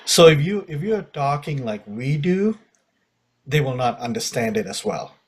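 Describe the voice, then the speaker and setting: A man from Malaysia co-hosts a casual podcast, his voice a bit husky and breathy. His pitch sits in an ordinary middle range. He talks in a relaxed, chatty way, laughing easily between thoughts. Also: a little slow. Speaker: podcast co-host. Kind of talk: casual chat.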